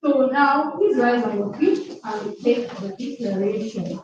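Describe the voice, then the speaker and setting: A woman facilitating a workshop, leading students through a spoken declaration with energetic call-and-response. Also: fairly high pitch, measured pace, hardly any pauses, very echoey, recorded from a distance, highs cut off.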